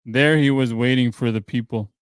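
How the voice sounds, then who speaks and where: A man hosting a podcast, reading a translated traditional story aloud in a plain, steady way, with dry offhand asides. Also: medium pitch, moderate pace, clean tone, dry recording. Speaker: podcast host.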